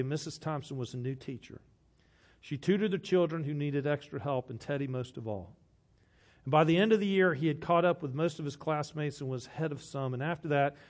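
A man, a pastor delivering a sermon who tells a story and drops to a hush for quoted lines. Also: fairly high pitch.

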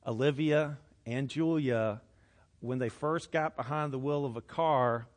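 A middle-aged man preaching a sermon, swinging from hushed, intimate passages to loud, animated outbursts. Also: mid-range voice, measured pace. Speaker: pastor.

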